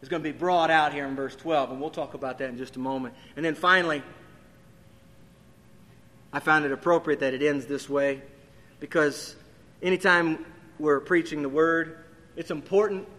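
High, bright-voiced preacher in a hall. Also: male voice, steady tone, moderate pace, long pauses. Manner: expository, rising emphatically on key questions. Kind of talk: sermon. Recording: long hall reverb.

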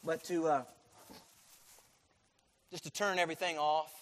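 A middle-aged male pastor preaching a sermon in a church, emphatic, repeating key phrases and swinging between loud and quiet. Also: fairly high pitch, flat delivery, unhurried. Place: church sanctuary. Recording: long hall reverb.

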